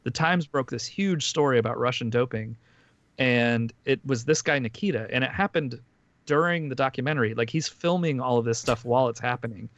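A man's voice: mid-range voice, fairly quick, dry recording, muffled recording. A man on a podcast, casually recapping a documentary in a rambling way, full of fillers and restarts. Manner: rambling, filler-heavy storytelling with frequent restarts. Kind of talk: casual chat.

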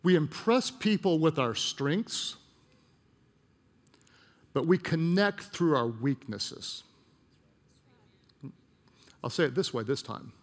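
A man's voice: a little high, animated, takes it slowly, pauses often. Middle-aged guy pastor preaching, personal story, casual asides, big echoey church hall. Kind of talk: storytelling sermon. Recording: long hall reverb.

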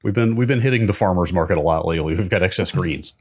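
A man's voice: deep voice, fast, slightly rough. A man co-hosting a podcast in casual chat, playful and teasing, with a sleepy early-morning voice. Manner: playful, teasing, laughs often. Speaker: podcast co-host.

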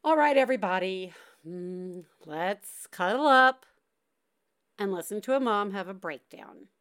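A woman's voice: medium pitch, expressive, unhurried, fairly bright tone, slight background noise. A woman hosting a podcast, reassuring a caller in a loose, laughing, rambling way with many fillers. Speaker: podcast host. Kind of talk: casual advice chat.

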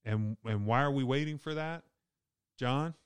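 A pastor with a Southern US accent goes through Bible verses in a casual podcast chat, easygoing and joking and laughing often. His voice is medium-pitched, smooth, and measured, with no echo.

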